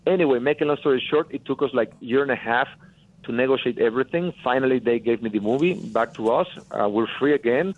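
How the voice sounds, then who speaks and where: A man's voice: medium pitch, quick pace. Mexican guy calling in, earnest and emphatic, keeps repeating himself, tinny phone sound. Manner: earnest, emphatic, repeats phrases, often says "brother". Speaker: guest film producer. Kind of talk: phone-in interview storytelling.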